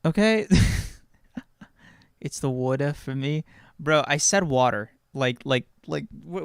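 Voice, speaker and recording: A man's voice: fairly high pitch, slow, creaky, clean tone, dry recording, studio quality. A man co-hosting a podcast, chatting casually with a lot of swearing and stammered repeats. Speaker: podcast co-host. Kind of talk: casual chat reacting to live chat.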